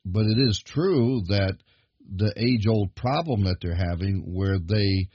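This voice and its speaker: A man's voice: fairly low pitch, takes it slowly, slightly rough. A man preaching a sermon in an emphatic, building manner. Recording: dull lo-fi recording.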